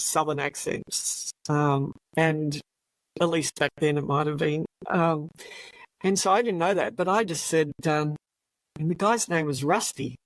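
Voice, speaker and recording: A woman's voice: deep voice, dry recording, poor audio. Older Australian woman, retired cop, chatty storyteller, dry close mic. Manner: chatty, laughs often, many fillers. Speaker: retired police officer, guest. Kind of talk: casual anecdote telling.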